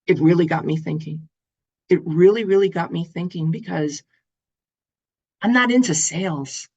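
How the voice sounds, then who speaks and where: A woman speaker giving a motivational summit talk, telling stories in an expressive, animated way. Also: fairly low pitch, moderate pace, breathy edge, highs cut off. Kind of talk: summit talk to an online audience.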